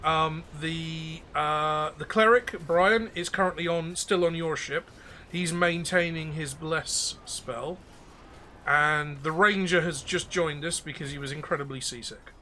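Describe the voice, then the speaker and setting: A man's voice: on the high side, unhurried, pushed and bright. A man narrating as game master at a tabletop game, chatty and joking with fillers.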